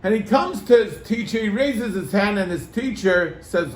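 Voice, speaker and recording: Animated storytelling rabbi, high voice. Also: male voice, moderate pace, hardly any pauses, echoey room. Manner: animated, acts out quoted voices. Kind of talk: storytelling to a congregation.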